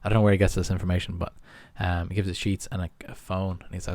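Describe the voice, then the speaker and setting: Irish man telling a lively story. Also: low-pitched, fast talker, no room sound. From Ireland. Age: young adult. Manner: animated, acts out other people's lines. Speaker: podcast guest. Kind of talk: casual storytelling.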